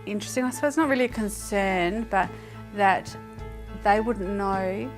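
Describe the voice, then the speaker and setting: Woman, mother, interview storytelling, earnest, conversational, mid-pitched voice, faint music behind. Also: moderate pace. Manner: conversational, hesitant with fillers, earnest. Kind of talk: recounting a personal story in an interview.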